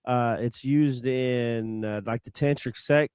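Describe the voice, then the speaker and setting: A man's voice: mid-range voice, fairly even intonation, takes it slowly, darkish tone, clean tone, no room sound, studio quality. A man co-hosting a podcast in casual chat, chiming in with jokes and brief agreements. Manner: chimes in with jokes and short agreements. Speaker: podcast co-host.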